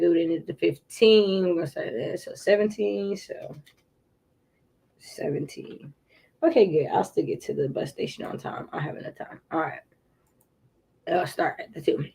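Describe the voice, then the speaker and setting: A woman hosting a casual writing livestream, chatty and encouraging as she reads viewers' comments and clears her throat now and then. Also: lowish voice. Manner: occasional throat clearing and coughs. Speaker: livestream host.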